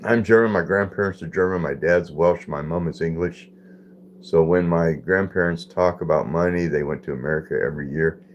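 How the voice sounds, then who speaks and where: A man's voice: sits low, brisk, dull audio, slight background noise. A man hosting a casual live stream, reading viewer comments aloud, repeating phrases and puzzling over them.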